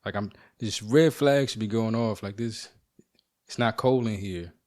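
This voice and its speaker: Lower-voiced man telling a story. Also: unhurried. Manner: animated, profane, rambling. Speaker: podcast host. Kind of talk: casual storytelling monologue. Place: at home.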